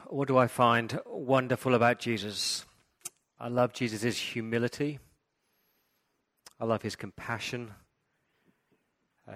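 A man who is a pastor, giving a Christmas sermon, telling stories and building to loud, emphatic preaching. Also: mid-range voice.

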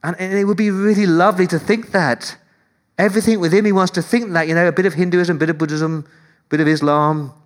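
Impassioned preacher, man with a higher voice. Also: fairly even intonation, quick pace. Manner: impassioned, rhetorical repetition, shifting between loud and hushed. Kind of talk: sermon.

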